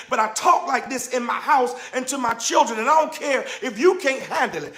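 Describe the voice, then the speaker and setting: A man speaks in a strikingly high voice, preaching his point with rising fervor and bursts of shouting. The sound carries a roomy echo around it. He talks like a pastor testifying to his listeners. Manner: preacherly, emphatic, builds to shouting. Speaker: pastor and show host. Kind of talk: impassioned spoken testimony.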